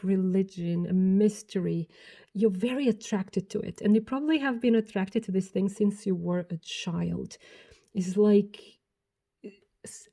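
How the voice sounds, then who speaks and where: Mellow-voiced woman giving a tarot reading. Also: fairly low pitch. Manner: warm, emphatic, speaks directly to the viewer. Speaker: tarot reader. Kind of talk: pick-a-card tarot reading.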